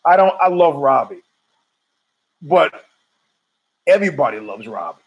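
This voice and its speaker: A man's voice: a little high, big pitch swings, unhurried, husky, highs cut off. A middle-aged man hosting a podcast, rambling through a profane, opinionated monologue full of restarts. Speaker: podcast host.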